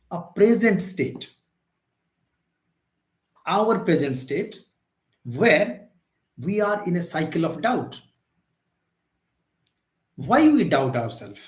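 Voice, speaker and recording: A man's voice: a little high, roomy sound, poor audio. A man, a life coach giving a motivational live talk, lecturing emphatically and asking rhetorical questions.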